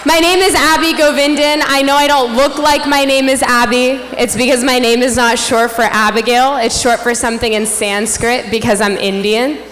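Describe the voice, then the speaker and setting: A woman's voice: on the high side, moderate pace, hardly any pauses. A young woman in her twenties emceeing a gala with a playful, self-mocking stand-up comedy set on a stage mic. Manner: animated punchline delivery, playful and self-mocking. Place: stage at a large gala hall. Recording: echoey hall, faint room ambience.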